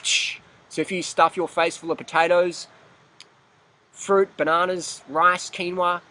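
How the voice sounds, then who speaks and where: A man's voice: high-pitched, level tone, slow pace, sharp tone. A man ranting bluntly in a fitness vlog, profane, emphatic and repetitive. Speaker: fitness vlogger.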